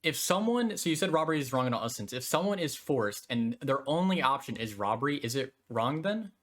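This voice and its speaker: A man's voice: mid-range voice, sing-song, a little fast, a bit bright. A man hosting a debate, patiently questioning his guest through hypothetical scenarios. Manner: probing, patient, poses hypotheticals. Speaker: host.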